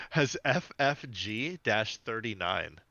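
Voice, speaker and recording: A man's voice: lowish voice, big pitch swings, sharp tone, no echo, lo-fi sound. A man co-hosting a podcast in casual chat, talking loosely with lots of fillers and jokes. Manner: chatty, filler-heavy, quick to joke. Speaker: podcast co-host.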